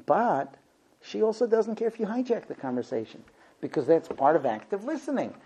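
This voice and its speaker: A man's voice: high voice, sing-song, fairly quick, warm tone, lo-fi sound, slight background noise. A man lecturing a class about marriage, animatedly acting out both sides of conversations.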